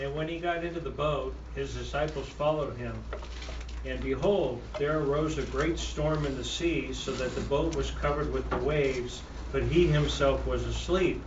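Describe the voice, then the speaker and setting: A man's voice: medium pitch, normal speed. Guy reading a bible passage, muffled with hiss in the background. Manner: careful reading, corrects himself. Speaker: class member reading scripture. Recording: distant echoey room recording with hiss.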